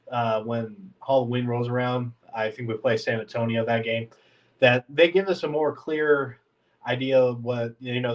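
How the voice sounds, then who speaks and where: A man's voice: mid-range voice, recorded from a distance, lo-fi sound. A man hosting a casual sports podcast, congested and talking in a rambling, filler-heavy way like a frustrated fan. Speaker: podcast host.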